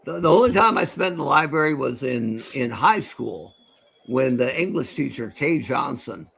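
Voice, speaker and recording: A middle-aged man with a mid-range, slightly rough voice and vocal fry talks at a moderate pace. Co-hosting a podcast, he tells stories in casual chat and calls a game, laughing a lot as an animated storyteller.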